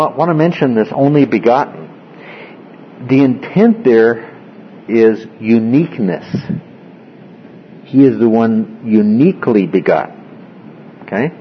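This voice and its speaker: A man teaching a Bible study class, moving through the text step by step and often stopping to ask the group whether they follow. His voice sits in a middle register. The recording is dull and lo-fi, with faint hiss behind him. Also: mid-range voice. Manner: explanatory, asks frequent check-in questions.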